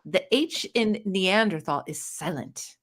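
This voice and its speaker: A woman hosting a casual book livestream, reading viewer comments aloud with quick, bubbly reactions. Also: fairly low pitch, expressive. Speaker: book channel host.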